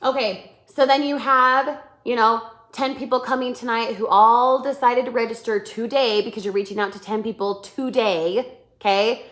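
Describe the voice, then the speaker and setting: A woman coaching her sales team in a live webinar, animated, acting out sample messages and often checking that her listeners follow. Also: a little high, normal speed. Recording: roomy echo.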